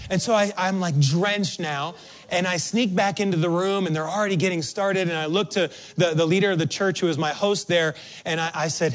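A male pastor preaching a sermon, telling a story with animated, acted-out reactions. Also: high-pitched, a little fast. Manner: animated, acts out his own reactions.

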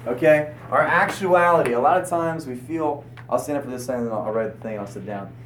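A young man preaching a sermon at a conference, telling a story with lively rhetorical questions. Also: mid-range voice, a little fast, slight background noise. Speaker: conference speaker. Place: conference hall. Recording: roomy hall echo.

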